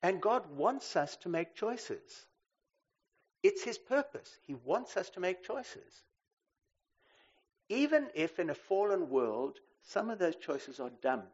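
A man preaching a sermon. He swings between loud emphasis and quiet asides and keeps checking in with "right?". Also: high voice, big pitch swings, slow pace, breathy edge. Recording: slightly dull lo-fi recording.

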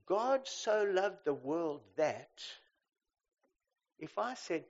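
A man preaching a sermon. He swings between loud emphasis and quiet asides and keeps checking in with "right?". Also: high-pitched, very animated, extremely slow, long pauses. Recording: slightly dull lo-fi recording.

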